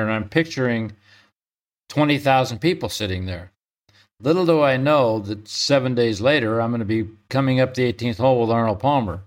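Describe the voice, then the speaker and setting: An older man, a retired pro golfer, telling stories as an interview guest, chatty, often chuckling and restarting mid-sentence. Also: medium pitch. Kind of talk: relaxed storytelling.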